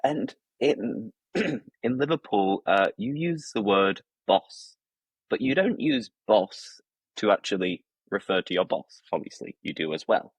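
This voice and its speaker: A low-pitched man with a Yorkshire accent chats about words in a relaxed, easy way. He teaches English and walks through examples one by one, with lots of fillers. His voice sounds dry and close. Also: a little slow, breathy edge, no room sound. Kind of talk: casual conversation explaining slang.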